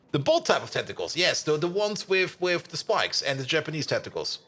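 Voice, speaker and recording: With a high-pitched, bright, forceful voice, a young man who is a native German speaker talks casually to viewers during a gaming live stream, his German accent noticeable. He answers chat, hums and laughs along while playing.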